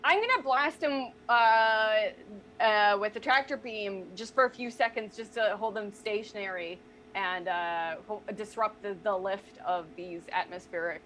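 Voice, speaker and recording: A woman's voice: mid-range voice, a little slow, a bit bright, a little hiss or hum, low-quality recording. Playful woman player in a tabletop game. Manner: playful, enthusiastic.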